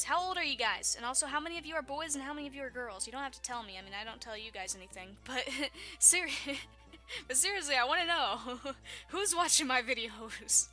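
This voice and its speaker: A Southern-accented YouTuber from Texas, in her twenties, chats casually with her viewers in a vlog, rambling, giggling and poking fun at herself. Her voice sits high and comes out pushed and bright.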